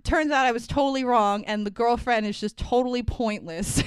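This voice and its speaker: Animated, laughing woman podcast host. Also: fairly high pitch, moderate pace, smooth. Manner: animated, swears freely, laughs often. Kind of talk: casual chat about movies.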